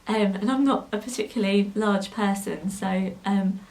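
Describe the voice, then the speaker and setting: A young woman tells her own story straight to camera for her vlog. She speaks at an ordinary middle pitch, pausing often with soft ums as she gathers her thoughts. Her delivery is hesitant and personal, now and then tinged with emotion. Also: steady tone, vocal fry, low-quality recording. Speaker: sewing vlogger.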